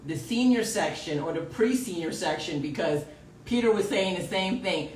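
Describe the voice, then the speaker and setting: A fairly low-pitched woman hosts a casual live show and talks with lively energy. She gets loud at times and laughs easily. Her voice sounds roomy and a bit far from the mic, with faint noise behind her. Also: normal speed. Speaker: podcast host. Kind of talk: casual live-stream chat.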